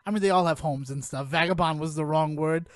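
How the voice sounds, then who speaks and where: A man co-hosting a podcast, retelling a film in a rambling, animated way and acting out the characters' lines. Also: on the high side, brisk, no room sound, clean studio sound. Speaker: podcast co-host. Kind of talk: casual movie review chat.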